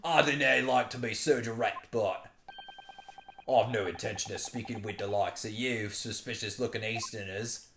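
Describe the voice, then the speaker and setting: A man voicing a burly, hostile male prison governor in a put-on Scottish accent, loud and blustery. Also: fairly low pitch, moderate pace, echoey room, background noise, lightly acted. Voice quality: loud, blustery, brogue-heavy. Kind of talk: voicing game characters.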